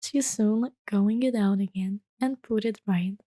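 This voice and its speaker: A woman reading a bedtime story in a gentle, hushed soft-spoken ASMR style that slips into whispers. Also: medium pitch, measured pace, no echo.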